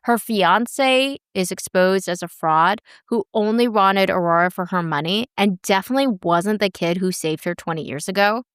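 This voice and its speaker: A woman's voice: mid-range voice, moderate pace, hardly any pauses, smooth, no echo, clean studio sound. A woman co-hosting a podcast, recapping a drama in casual chat with a wry, chatty manner. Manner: chatty, wry, laughs often. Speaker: podcast co-host.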